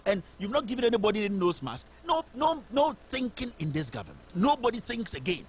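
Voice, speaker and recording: A man's voice: high-pitched, big pitch swings, fast talker, slight background noise. A man with a Ghanaian English accent giving impassioned, indignant political commentary as a show host. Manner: indignant, rhetorical, fiery.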